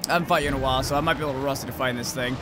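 A man giving casual gameplay commentary as a let's-play host, swearing freely and yelling insults at the monster he fights. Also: mid-range voice, steady tone, very fast. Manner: profane, yells insults at the monster. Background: game music.

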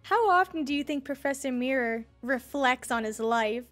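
A woman giving excitable let's-play commentary, squealing over cute creatures and cracking silly jokes. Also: high-pitched, moderate pace, soft background music. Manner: silly joking asides. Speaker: gaming streamer.

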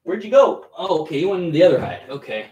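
A man on a live stream with a slightly high voice, talking loosely and casually to his chat. He drops bro and dude into nearly every line. He coaxes and soothes a pet snake while sounding uneasy about it. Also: big pitch swings, fast, darkish tone, husky, muffled recording. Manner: laid-back and slangy, calls everyone bro and dude; nervous and coaxing while handling a snake.

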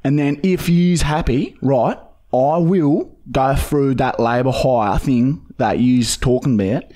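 A man's voice: medium pitch, slow, warm tone, natural voice. A young man with an Australian accent playing a pushy, swearing job seeker on a prank call, rambling with lots of fillers. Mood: pleading. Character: desperate rough-talking male job seeker. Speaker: prank caller.

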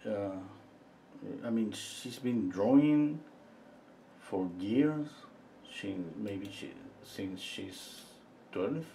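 Mellow-voiced middle-aged man teaching painting. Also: on the low side, vocal fry, a little hiss or hum. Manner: relaxed, thinking aloud while he paints, with frequent pauses and fillers; chats with viewers between steps. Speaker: painting instructor. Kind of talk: live painting lesson.

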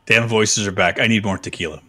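A man voicing a rowdy male adventurer who drinks too much, talking loudly. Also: lowish voice, a little fast. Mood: bewildered. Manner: loud, animated.

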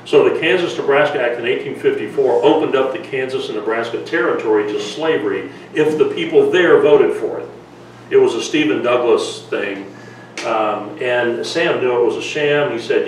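A lecturer and documentary filmmaker gives a chatty history talk at a museum, telling stories full of fillers and restarts. His medium-pitched voice moves at normal speed, recorded from a distant mic in an echoey room with a little hiss or hum.

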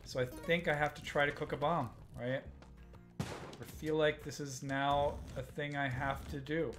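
A man's voice: a little high, fairly even intonation, unhurried, fairly bright tone, soft background music. Man muttering through live gameplay. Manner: muttering to himself and chatting with viewers while playing. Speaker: live-stream host.

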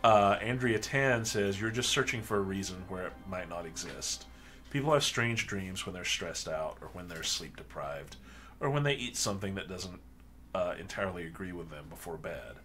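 Male player reading game clues; deep-ish, steady delivery. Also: moderate pace. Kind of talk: reading game documents aloud.

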